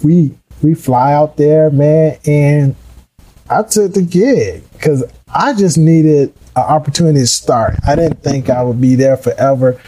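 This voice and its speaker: A middle-aged man telling his career story in a casual, animated way, acting out the voices of people he quotes. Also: on the high side, unhurried, slightly rough, rough recording. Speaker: guest.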